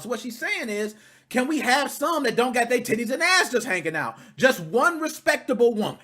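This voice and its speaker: A man hosting a video reaction, talking casually in an animated, profane, indignant way. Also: extremely high pitch, fairly quick.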